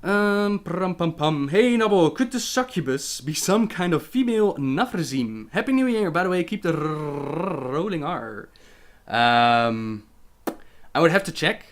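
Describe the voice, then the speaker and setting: In this casual livestream Q&A, a young Dutchman with a slightly higher-than-average male voice reads viewers' questions aloud at a normal speed. He answers in English with his native accent, keeping it chatty and laughing frequently.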